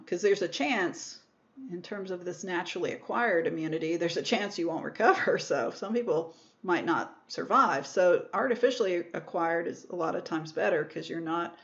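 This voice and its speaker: A lo-fi recording captures a woman's lowish, creaky voice as she gives a microbiology lecture. Her style is explanatory and step by step; she often repeats or rephrases terms and corrects herself mid-thought.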